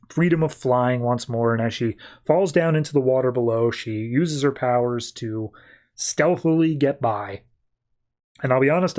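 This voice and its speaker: A man's voice: medium pitch, darkish tone. A man hosting a podcast, recapping a comic book in casual, chatty storytelling full of fillers. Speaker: podcast host.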